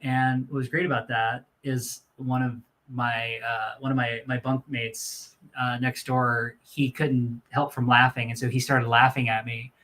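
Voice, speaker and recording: A man's voice: medium pitch, level tone, unhurried, few pauses, pushed and bright. A man co-hosting a casual live-stream chat, telling long rambling stories with many restarts. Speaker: co-host.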